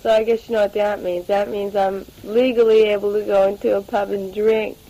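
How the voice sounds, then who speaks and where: A woman's voice: mid-range voice, level tone, fairly quick, dark tone, poor audio. A teenage girl rambling through a spoken audio letter to her family, full of fillers and restarts, taped at home. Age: late teens. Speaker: letter writer.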